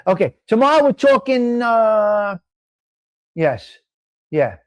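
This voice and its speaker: A man's voice: sits high, sing-song, slow, dry recording. A man from North Jersey with a North Jersey accent, hosting a live stream in a blunt, profane, casual way. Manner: blunt and profane, reading out viewer names. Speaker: host of a live stream show.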